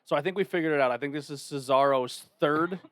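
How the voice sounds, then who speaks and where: A man's voice: on the high side, fast talker, no echo. A man hosting a casual podcast, chatting loosely and running through plugs and the show rundown. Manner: plugs links and steers the rundown, relaxed and chatty. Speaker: podcast host.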